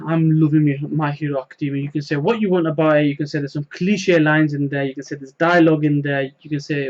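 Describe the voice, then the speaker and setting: A man's voice: fairly high pitch, highs cut off. A man casually recapping a manga chapter, rambling with many fillers and retelling the dialogue. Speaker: manga reviewer.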